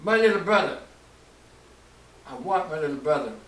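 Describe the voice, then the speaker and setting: A man's voice: medium pitch, brisk, a bit bright, close to an everyday voice. A male preacher voicing an emotional biblical man torn over his brothers, speaking in a pleading, impassioned way. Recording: roomy, distant mic, faint hiss.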